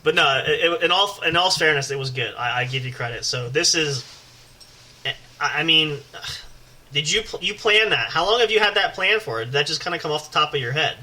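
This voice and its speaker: A man co-hosting a podcast, telling a story in an animated, rambling way, with swearing and constant restarts. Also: fairly high pitch, a little fast, poor audio. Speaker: podcast co-host. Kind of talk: casual podcast banter.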